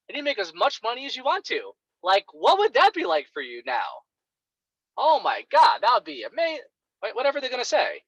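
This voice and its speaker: Animated male sales coach, bright lo-fi voice. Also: sits high, no echo. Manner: animated, acts out clients' reactions. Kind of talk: coaching talk on a call. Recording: dull, lo-fi sound.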